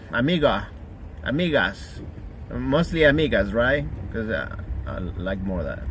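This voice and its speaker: Man, streamer, joking, swears freely, lively pitch, faint traffic. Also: measured pace. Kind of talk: joking casual chat.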